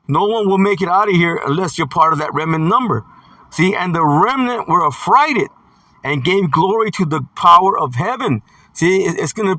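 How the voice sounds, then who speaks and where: A man's voice: sits high, pushed and bright, no echo, distant mic. A man preaching a scripture sermon, reading verses aloud and stressing points with "see" and "man". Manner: emphatic, punctuates with "see" and "man".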